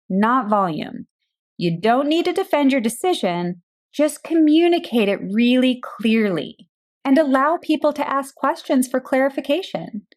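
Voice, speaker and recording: Calm woman coaching podcast host. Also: on the high side. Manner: calm, direct coaching tone with rhetorical questions. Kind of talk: scripted podcast monologue.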